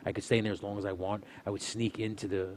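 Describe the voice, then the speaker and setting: Young guy rattling off a work story real fast, swearing, doing everyone's lines loud. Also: lowish voice, slight background noise. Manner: animated, swearing, acts out quotes loudly. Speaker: streamer, host. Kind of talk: casual storytelling chat.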